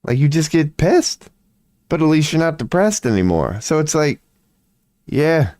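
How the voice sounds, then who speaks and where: A man's voice: a little high, very animated, a little slow, a little mellow, no echo, studio quality. A tired man rambling indoors at home in a late-night vlog, profane, slangy and laughing at himself. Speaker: vlogger.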